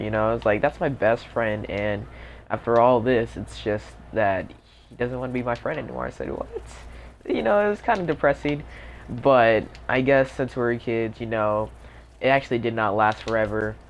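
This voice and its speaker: A young man casually telling a rambling storytime over gameplay, full of fillers and self-deprecating asides. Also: lowish voice. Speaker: gaming YouTuber. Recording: dull lo-fi mic with faint noise.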